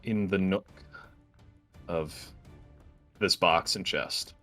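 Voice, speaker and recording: A man running a tabletop game as game master, narrating the action in a lively way and laughing often. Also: sits low, very slow, faint music behind.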